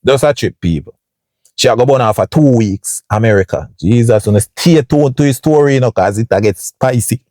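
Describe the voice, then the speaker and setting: A man's voice: animated, a little fast, dark tone, no room sound, clean studio sound. A man with a Jamaican accent telling a story casually to his viewers, often checking in with "you see me" and acting out sounds. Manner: chatty, keeps addressing viewers with "you see me" and "people"; acts out sounds and voices with big jumps up in pitch. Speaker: storytime vlogger.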